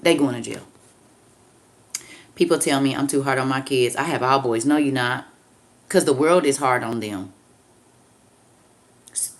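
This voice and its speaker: Woman, 50s, very low voice, emphatic, preachy, casual livestream host. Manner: emphatic, preachy, repeats "I'm trying to tell you". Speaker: livestream host reading viewer comments.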